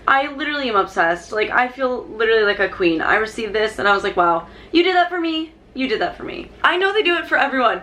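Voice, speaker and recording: A young woman vlogging an unboxing, gushing and bubbly, peppering her talk with "literally" and "like", her pitch jumping high when she is thrilled. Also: bright, forceful tone. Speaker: YouTuber. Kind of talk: excited unboxing vlog.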